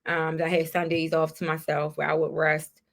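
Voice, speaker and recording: Candid woman telling her story, lower voice. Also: monotone, moderate pace. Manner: candid, heartfelt, reflective. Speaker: podcast guest. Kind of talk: personal storytelling in a conversation.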